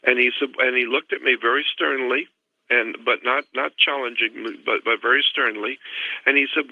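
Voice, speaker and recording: A man with a gravelly, creaky voice calls in to a radio show, telling a long personal story in an earnest, meandering way. The phone line is tinny and dry. His pitch sits in an ordinary middle range. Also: steady tone, normal speed, no room sound. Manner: earnest, rambling retelling of a past encounter. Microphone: telephone.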